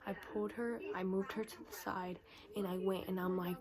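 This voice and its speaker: A woman's voice: medium pitch, fast talker, a crowd in the background, poor audio. A teenage girl retelling a school confrontation as a vlog storytime, acting out the quoted lines. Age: teens. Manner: animated retelling, acts out quoted dialogue. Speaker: vlogger.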